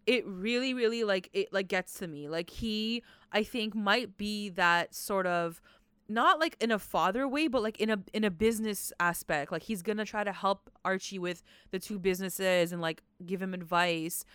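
A woman at a middle pitch, chatting casually and filling her sentences with "like". Her voice is clear and smooth. The recording is dry and close. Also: normal speed, no room sound. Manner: frequent "like", animated reactions. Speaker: podcast co-host. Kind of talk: casual chat.

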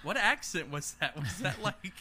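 A young man co-hosting a casual podcast, teasing his friend with quick banter and frequent chuckles. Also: high voice, sing-song, noisy background. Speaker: podcast co-host.

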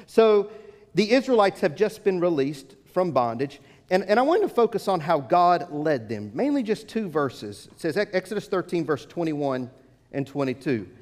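A middle-aged man preaching a sermon to a congregation, telling a story with halting, repeated words. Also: high-pitched, very animated, darkish tone. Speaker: pastor. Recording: long reverb of a hall.

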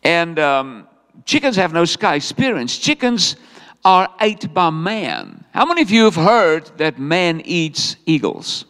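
High, lively male preacher in a hall. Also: measured pace, clean tone. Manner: animated and humorous, rhetorical questions to the congregation. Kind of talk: sermon. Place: church hall.

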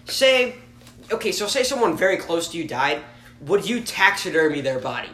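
A man's voice: high voice, sing-song, normal speed, bright, forceful tone. A young man hosting a casual podcast chat. He jokes around, laughs easily and swears freely. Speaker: podcast host. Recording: echoey room with faint noise.

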